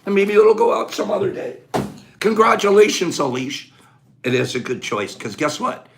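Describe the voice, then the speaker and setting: Animated high-voiced man hosting a live stream. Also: slight background noise. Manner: animated, shouts out viewer names, quick game-show banter. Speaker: livestream host. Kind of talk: casual live chat with viewers.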